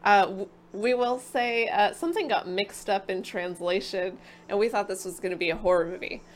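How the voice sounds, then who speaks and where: A woman co-hosting a podcast in casual chat, talking haltingly with lots of fillers. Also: medium pitch. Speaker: podcast co-host.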